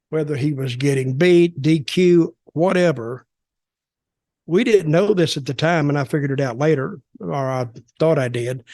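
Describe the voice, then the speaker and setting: A man's voice: on the high side, a little mellow, no echo, studio quality. An older man hosting a podcast, telling stories in a rambling, folksy way with colloquial grammar. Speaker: podcast host. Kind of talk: storytelling interview.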